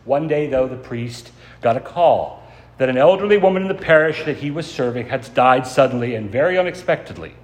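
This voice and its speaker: A man preaching a sermon as pastor, telling a story in a measured way and slowing down to stress key words. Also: medium pitch, animated. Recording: long church reverb.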